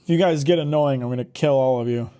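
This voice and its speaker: A man's voice: mid-range voice, quick pace, warm tone, clean tone. A man streaming from home, chatting casually with his viewers, joking and swearing bluntly. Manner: blunt, joking and profane, reads chat aloud. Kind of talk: casual live-stream chat.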